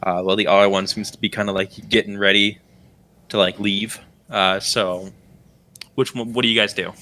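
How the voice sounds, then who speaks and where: A man's voice: fairly low pitch, little pitch movement, moderate pace, pushed and bright. A young man narrating a tabletop game as game master, rambling with many fillers.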